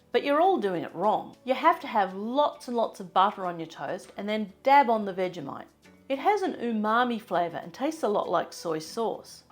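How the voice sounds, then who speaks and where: A woman with a general Australian accent, reading a scripted travel-advice narration in a chatty, lightly humorous, explanatory way. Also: mid-range voice. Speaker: travel vlogger.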